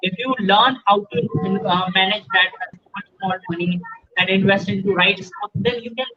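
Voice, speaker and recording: A man speaking with an Indian English accent as a guest speaker in a webinar for students, talking haltingly with many fillers and restarts, often checking in with "okay". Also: high voice, a little hiss or hum. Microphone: video call. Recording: muffled lo-fi call audio.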